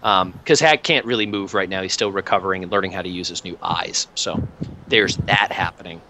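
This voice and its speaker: Bright-voiced male game master. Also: low voice, brisk, slight background noise, low-quality recording. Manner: casual, hesitant with many fillers. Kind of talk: narrating a tabletop game.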